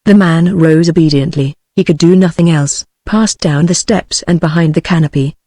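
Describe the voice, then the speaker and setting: A text-to-speech woman's voice with a British English accent, reading a novel in an even, measured way. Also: lowish voice, dry recording. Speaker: audiobook narrator.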